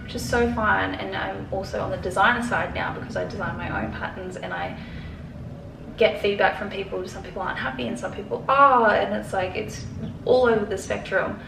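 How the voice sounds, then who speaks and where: A woman's voice: mid-range voice, fairly even intonation, a little fast, creaky. Anxious, rambling young woman on the verge of tears. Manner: anxious, rambling, swears often, many "like" fillers. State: tearful and stressed. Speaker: sewing pattern designer. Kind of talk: casual vlog to camera. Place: bedroom at home. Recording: echoey room with faint background noise.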